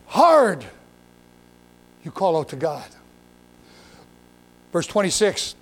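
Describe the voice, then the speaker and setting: A pastor preaches a sermon in a folksy, emphatic style, full of repetitions and asides, reading scripture and speaking directly to his listeners. His voice sits high.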